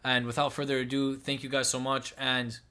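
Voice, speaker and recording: A man's voice: medium pitch, little pitch movement, brisk, pushed and bright, clean tone. A young man giving impassioned religious commentary, emotional and pleading, often repeating himself.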